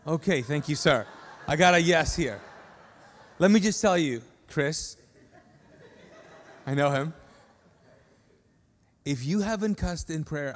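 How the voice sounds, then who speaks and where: A male pastor preaching a sermon in a church sanctuary, conversational and joking, with acted-out quotes. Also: on the high side. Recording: long reverb of a large hall.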